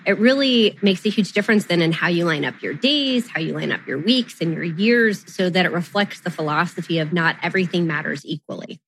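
A woman co-hosting a podcast explains her point in an agreeable, steady way over a remote call mic. Her voice sits a little low, with a faint hiss of noise underneath. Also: brisk, hardly any pauses, low-quality recording. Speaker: podcast co-host. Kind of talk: casual chat.

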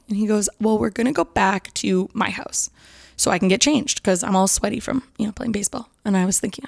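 A young woman tells a story in a casual, chatty way and acts out the other person's lines with sudden swoops up in pitch. Her voice sits in the middle range for a woman. The recording is close and dry, with no room sound. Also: quick pace, vocal fry, no echo. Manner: animated, acts out both sides of conversations with lively pitch jumps. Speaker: storyteller recounting dates.

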